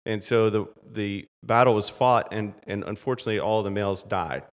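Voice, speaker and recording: A man with a lowish voice who tells stories and hands out advice with lively energy. He is a podcast guest, and his voice rings with a long reverb around it. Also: a little fast, smooth. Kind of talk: storytelling and advice chat.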